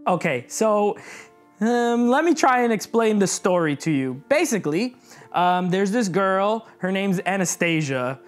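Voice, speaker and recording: A man's voice: high-pitched, sing-song, measured pace, faint music behind. A young man giving a sarcastic, exasperated comedic movie review as the host of his own channel.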